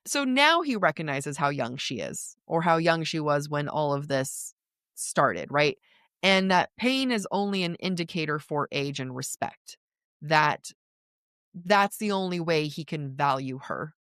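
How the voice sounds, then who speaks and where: A woman with a lowish voice that swings widely in pitch co-hosts a casual book podcast. She talks in an animated way and laughs often. The recording is close and dry. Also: measured pace, no room sound. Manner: animated, laughs often, reads quotes aloud. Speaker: podcast co-host.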